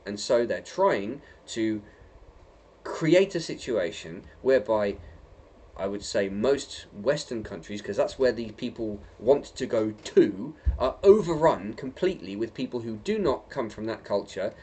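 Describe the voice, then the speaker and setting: Husky-voiced man ranting. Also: lowish voice, expressive, measured pace, darkish tone. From England. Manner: emphatic, repeats himself, tags lines with "right?" and "okay?". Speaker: video blogger. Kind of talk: opinion vlog monologue.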